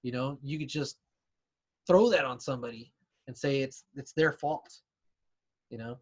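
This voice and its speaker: A man co-hosting a podcast chats casually in a mid-range voice at a moderate pace, and the recording sounds muffled. He's hesitant, full of fillers, restarts, and "you know"s, and he illustrates his points with examples.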